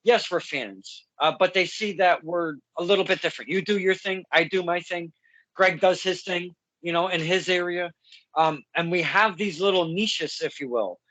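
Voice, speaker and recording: A man hosting a casual podcast interview, telling stories in a halting way as he searches for words. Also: high voice, a bit bright, no room sound, poor audio. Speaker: podcast host.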